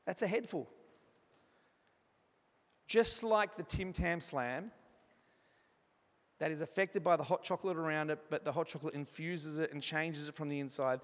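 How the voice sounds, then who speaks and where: A man preaching an evening church sermon, earnest, moving from emphatic passages to hushed, soft ones. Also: a little high, moderate pace, pauses often. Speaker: pastor. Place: church hall. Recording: reverberant hall sound.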